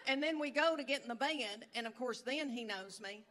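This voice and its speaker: Speaking a little fast in a voice on the high side, a middle-aged comedian tells stories onstage in a chatty drawl, acting out quotes. The live show has a loud crowd, audience laughter, and slight background noise.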